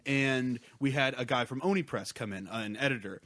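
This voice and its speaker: A man's voice: mid-range voice, a little fast, a bit bright, dry recording. A young man chatting as a podcast guest, rambling with many fillers and restarts. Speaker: podcast guest, comics creator. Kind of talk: casual podcast chat.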